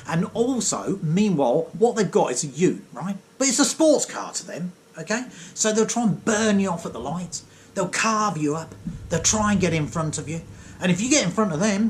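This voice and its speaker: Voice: mid-range voice, very animated, moderate pace, a little hiss or hum. A comic storyteller giving a sarcastic, digressive rant monologue.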